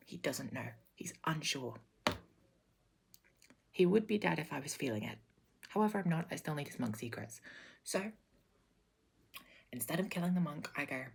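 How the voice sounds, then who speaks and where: A woman telling an absurd deadpan story in a whispered role-play, her breathy whisper slipping between voices. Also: sits low, normal speed, pauses often. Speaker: ASMR creator.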